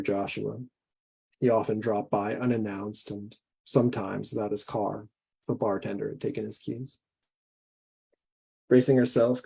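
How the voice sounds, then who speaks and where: A man, a guest author, reading his own fiction aloud in a measured, deliberate way. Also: medium pitch, mellow, breathy edge.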